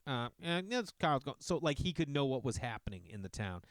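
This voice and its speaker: Man, casual storyteller, animated and profane, smooth voice, dry sound. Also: mid-range voice, fairly quick, no echo. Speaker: comedian telling a story.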